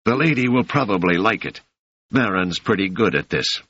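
A man's voice: lowish voice, expressive, moderate pace, fairly bright tone, breathy edge, no room sound. A man reading an audiobook voices a male thug who speaks in a harsh, gloating tone. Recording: dry, slightly muffled lo-fi audio.

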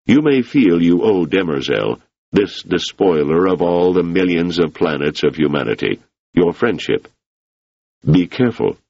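Joranum: a man doing a pushy, driven politician, husky and gravelly, a bit higher than the reader's own low voice. Dull, dry studio sound. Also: sing-song, measured pace, darkish tone, no echo, heavily acted. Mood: insistent. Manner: insistent, urging. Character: ambitious, intense male politician, persuasive and forceful.

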